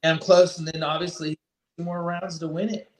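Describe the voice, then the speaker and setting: A man's voice: fairly high pitch, level tone, normal speed. Laid-back man telling stories in an echoey room. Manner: laid-back storytelling, swears freely. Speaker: racer guest. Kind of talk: casual podcast chat.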